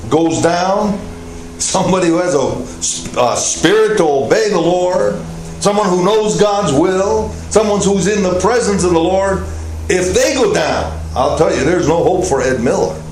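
A man with a high voice preaches a sermon, earnest and emphatic, leaning into key points with small "uh" pauses. The sound is roomy and echoey, with a faint hiss underneath. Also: animated, darkish tone. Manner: earnest preaching with rising emphasis and frequent "uh" fillers. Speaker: pastor. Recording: echoey room with faint noise.

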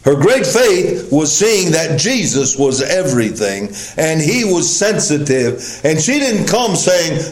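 A male preacher delivers a sermon at a very unhurried pace, stretching out the words he wants to land. His voice sits a touch high, then sinks low and soft for emphasis. The sound rings around a reverberant church hall. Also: big pitch swings. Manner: emphatic, drawn-out stresses with sudden drops in pitch and volume.

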